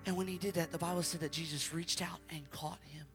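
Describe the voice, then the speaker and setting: A man preaching at a children's service, telling the story dramatically and shouting out acted quotes. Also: a little high, steady tone, a little fast, music in the background. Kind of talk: interactive children's sermon.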